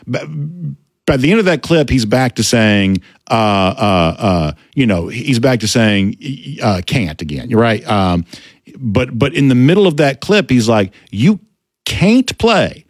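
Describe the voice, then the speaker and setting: A man's voice: medium pitch, no room sound, clean studio sound. A man with a Georgia Southern accent, hosting a sports show and giving emphatic, opinionated commentary. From Gainesville, Georgia. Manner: emphatic, drawn-out words for stress.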